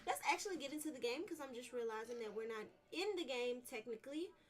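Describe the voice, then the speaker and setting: A woman's voice: sits high, lively intonation, quick pace, distant mic. A woman live-streaming a video game, chatting casually and bubbly, repeating her phrases as she greets viewers. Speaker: livestreamer.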